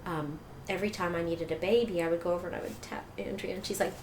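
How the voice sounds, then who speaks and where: Animated middle-aged woman, echoey room. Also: on the low side, quick pace. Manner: animated, laughs often, acts out quoted dialogue. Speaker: guest. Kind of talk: personal storytelling. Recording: echoey room with faint noise.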